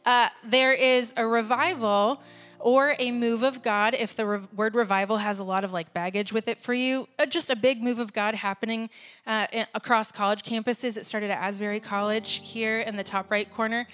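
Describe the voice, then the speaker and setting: A woman's voice: fairly high pitch, fairly even intonation, normal speed, fairly bright tone, soft background music. A woman leading a church service, talking casually and laughing at herself. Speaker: worship leader. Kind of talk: sermon with casual asides.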